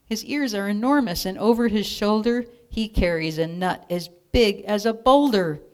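A woman's voice: mid-range voice, normal speed, a little mellow, smooth, pitched above the performer's own voice, lightly acted. A woman reading aloud and voicing a bold young female monster child in a storybook, eager and wondering. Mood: awed.

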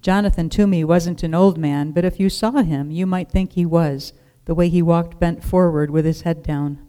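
A storyteller reading a storybook aloud in a calm, measured way. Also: medium pitch, smooth.

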